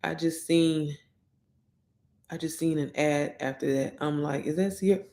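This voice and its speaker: A woman, chatting excitably on a casual livestream and talking straight to her viewers. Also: sits low, unhurried, gravelly. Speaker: online course promoter. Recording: echoey room.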